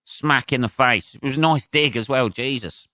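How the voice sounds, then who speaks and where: A man hosting a solo podcast as a comedian, rambling and excitable with plenty of swearing. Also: medium pitch, moderate pace, no room sound, studio quality. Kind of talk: casual solo podcast rant.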